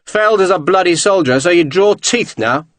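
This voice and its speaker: A man's voice: sits high, expressive, moderate pace, fairly bright tone, no echo, pitched above the performer's own voice. A man voicing a hard-bitten soldier lieutenant who speaks tersely and with a sneer. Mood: curt, sneering.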